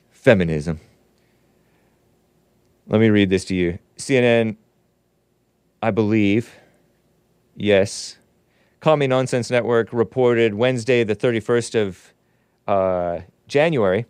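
A man hosting his own opinionated commentary show reads the news aloud and scoffs at it with sarcastic asides. His voice is on the low side, darkish and smooth, in studio-quality sound with no room sound.

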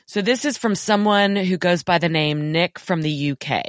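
Woman, podcast co-host, lowish voice, dry close sound, wry and blunt. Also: moderate pace, no echo. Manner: wry, blunt, reads letters aloud with asides. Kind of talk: casual chat, reading listener letters.

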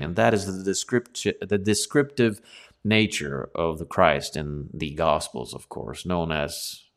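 A man preaching an expository sermon on a Bible passage, earnest and emphatic, often adding "of course" and asking rhetorical questions. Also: deep voice.

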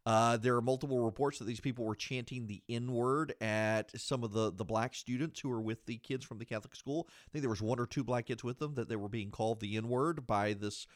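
A man's voice: medium pitch, brisk, hardly any pauses, dry recording, clean studio sound. A man hosting a podcast, giving solo political commentary in an indignant, argumentative way and repeating phrases for emphasis. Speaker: podcast host.

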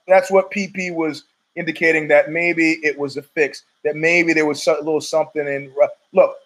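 Middle-aged man, fairly high voice, rambling, profane, opinionated podcast monologue. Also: poor audio. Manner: rambling, profane, many restarts. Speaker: podcast host.

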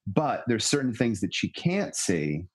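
A man with a somewhat low voice takes part in an easygoing book chat. He lays out his ideas patiently and with care. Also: sing-song, a little slow, husky. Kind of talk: casual literary discussion.

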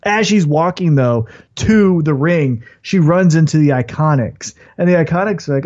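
A man hosting a podcast in casual chat, telling stories in an animated way and acting out scenes. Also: a little high, moderate pace, hardly any pauses, muffled recording. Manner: animated storytelling, acts out scenes. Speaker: podcast host.

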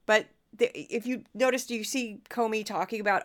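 A hoarse woman hosting a podcast, talking in a chatty, sarcastic and self-deprecating way. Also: fairly high pitch, fairly even intonation, brisk, fairly bright tone. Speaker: podcast host. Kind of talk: casual commentary podcast.

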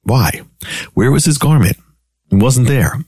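A man's voice: medium pitch, expressive, measured pace, darkish tone, slightly rough, dry recording. A man preaching a radio sermon, emphatic, piling up repeated phrases with rising urgency.

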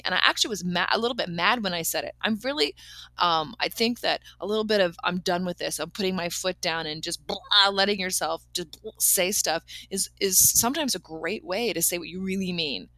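A woman speaks in a reflective personal monologue, earnest and open, sometimes laughing as she talks. Her tone is bright and forceful. The sound is dry and close, with no room around it. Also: mid-range voice, dry recording. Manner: earnest and emotional, laughs and gets teary. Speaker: podcast host.

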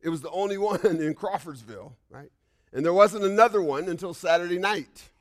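Telling a personal story from the pulpit, a male pastor keeps tossing in "right?" and lurches from booming outbursts to quiet whispers. He speaks fairly quickly, his voice sitting high.

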